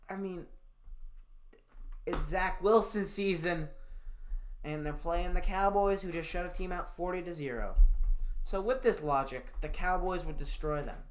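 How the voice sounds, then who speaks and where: A man giving casual sports predictions in a profane, sarcastic rant, swinging from fired-up outbursts to glum muttering. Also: on the high side. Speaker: NFL picks YouTuber.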